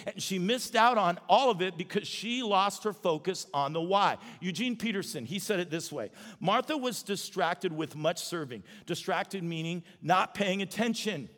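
Male pastor, high voice, lively conversational sermon, church hall reverb. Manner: animated, conversational preaching with humor. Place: church auditorium. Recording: long reverb of a large hall.

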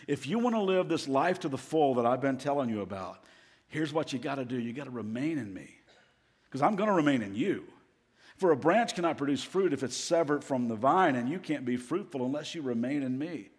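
A man giving a sermon as guest pastor, telling stories in an animated way and acting out the voices he quotes. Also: medium pitch, brisk, slightly rough, in a large hall.

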